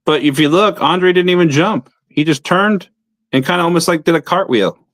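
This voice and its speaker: A man's voice: a little high, moderate pace, a bit bright, no room sound. Blunt, profane man telling a story. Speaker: pro wrestler guest. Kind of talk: casual storytelling.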